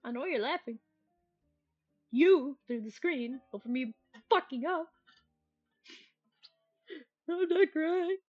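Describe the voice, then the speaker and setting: Woman, streamer, sleep-deprived, giggly, swears a lot, self-mocking, slow-paced, dull lo-fi audio. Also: high-pitched, animated, slightly rough, soft background music. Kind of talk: casual chat between guitar practice.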